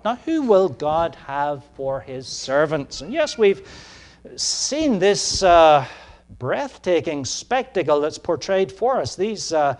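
Preaching man with a slightly high voice. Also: very animated. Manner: measured delivery with frequent ums and repeated words, swelling to emphatic peaks. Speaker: pastor. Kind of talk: sermon.

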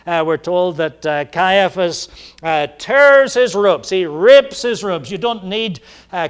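A male preacher delivering a sermon in a slightly higher-than-usual voice. He talks haltingly, stopping often on fillers, and then pushes his points with strong emphasis. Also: clear, resonant tone. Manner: halting, many "uh" fillers, rising emphatic moments.

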